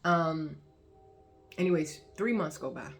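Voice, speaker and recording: Woman, low pitch, casual storyteller, colloquial, laughs a lot, talks to viewers. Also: animated, measured pace. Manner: colloquial and chatty, often laughing, addresses viewers directly. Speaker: vlogger sharing her testimony.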